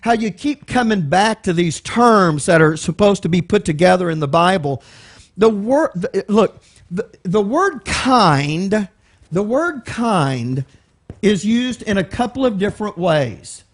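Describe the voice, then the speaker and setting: A man with a Texan accent and a high-pitched voice leads a Bible study in a church meeting room. He talks in a loose, conversational way, picks words apart one at a time and keeps asking his listeners questions. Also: lively intonation, measured pace. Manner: conversational, explains word by word, asks the room questions. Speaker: Bible teacher.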